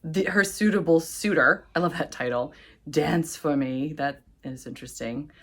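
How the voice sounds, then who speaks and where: A woman book vlogger chatting casually about her reading, giggling and gushing with excitement, often squealing. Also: deep voice, normal speed. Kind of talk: casual vlog chat.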